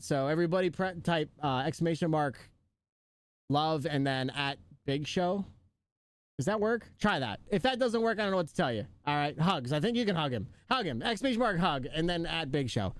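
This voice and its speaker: Guy chatting with his stream, high voice, jokes around and laughs a lot, lively ups and downs. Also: no echo. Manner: joking, laughing often, chatting to viewers. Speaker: live streamer. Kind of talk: casual live-stream chat.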